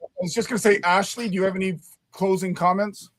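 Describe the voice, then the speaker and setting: A man's voice: high-pitched, steady tone, fast talker, a bit bright, no room sound. A man co-hosting a podcast, asking questions and joking, with stammering restarts. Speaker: podcast co-host. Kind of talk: casual interview chat.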